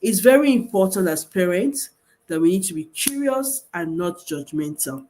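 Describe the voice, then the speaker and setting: A woman's voice: fairly low pitch, animated, moderate pace, mellow, slight background noise. A woman teaching parents as a coach, emphatic and repetitive, asking rhetorical questions. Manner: emphatic, repeats key points, asks rhetorical questions.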